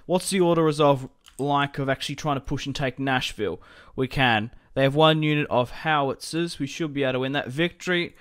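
Smooth-voiced young man narrating a strategy game. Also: medium pitch, a little fast, hardly any pauses. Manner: chatty, rambling, laughs often. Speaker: gaming commentator. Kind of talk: casual strategy game commentary.

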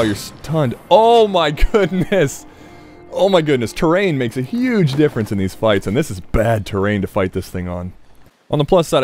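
Chatty man swearing over game music. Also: mid-range voice. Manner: chatty, swears often, talks to the monster. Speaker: gameplay commentator. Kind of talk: casual let's-play commentary.

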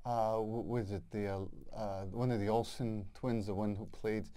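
A man co-hosting a casual film review chat, giving opinionated, lively critiques with frequent restarts. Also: fairly low pitch, moderate pace, clear, resonant tone. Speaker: co-host.

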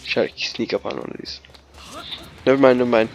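A man's voice: mid-range voice, fairly quick, lo-fi sound, slight background noise. A man narrating his gameplay in a casual, rambling way, full of "like" and restarts, with jokes and snatches of song. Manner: jokey, breaks into snatches of song and silly voices. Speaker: let's play host.

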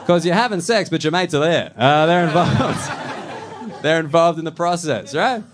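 A blunt Australian man performs stand-up in a comedy club, his voice sitting a bit high for a man. He talks casually and keeps checking in with the audience. The live recording is noisy. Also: animated, normal speed, crowd noise.

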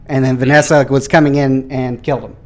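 A man streaming a social deduction game, talking in animated, defensive casual voice chat over a headset mic. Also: medium pitch. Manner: animated, defensive, quick to laugh.

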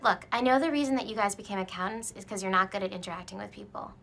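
A woman's voice: mid-range voice, rapid-fire, fairly bright tone, close to an everyday voice. An actress playing a bubbly, gossipy, self-absorbed young office woman in a sitcom, talking in chirpy, breathless chatter. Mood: bossy. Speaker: office customer service rep. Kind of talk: sitcom acting.

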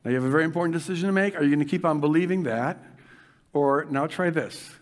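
An older man preaching a sermon, moving from fervent shouting to hushed guided imagining. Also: on the high side, quick pace. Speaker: pastor.

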